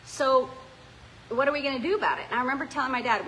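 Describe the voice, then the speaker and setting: A woman's voice: high-pitched, fast, sharp tone, slight background noise, rough recording. A middle-aged woman from South Africa, the owner of a winery and distillery, telling its story in a chatty, rambling way inside a small distillery. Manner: chatty, rambling, with frequent ums and restarts. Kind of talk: casual storytelling to visitors.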